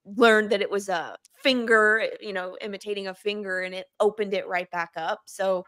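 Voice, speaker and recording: Female co-host, mid-pitched, chatty anecdote teller. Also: steady tone, moderate pace, fairly bright tone. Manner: chatty, storytelling with fillers. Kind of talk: casual chat.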